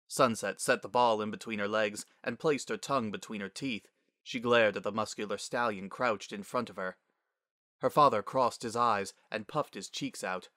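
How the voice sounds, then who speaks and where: Male narrator, dramatic reading, low pitch, crisp dry sound, expressive pacing. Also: no room sound. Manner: expressive, measured storytelling.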